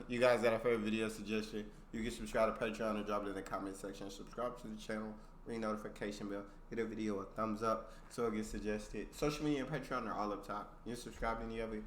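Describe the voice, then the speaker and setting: Young male reaction host, bright tone, echoey room, chatty with viewers. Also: fairly low pitch, a little hiss or hum. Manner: chatty, hypes viewers, says y'all. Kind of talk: casual reaction commentary.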